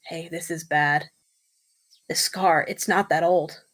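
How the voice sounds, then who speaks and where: A woman's voice: deep voice, fairly even intonation, takes it slowly, a bit bright, pitched below the performer's own voice, heavily acted. A woman voicing an anxious male kidnapper in close to her own voice, fretful and hesitant. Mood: worried. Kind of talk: reading a visual novel aloud with voices.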